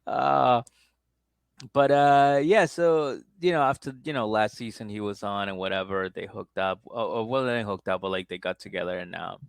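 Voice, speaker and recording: A man's voice: on the low side, moderate pace, creaky, smooth, no room sound. A man co-hosting a podcast, chatting loosely as he recaps a reality show. He laughs often and mimics people in a raised voice. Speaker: podcast co-host.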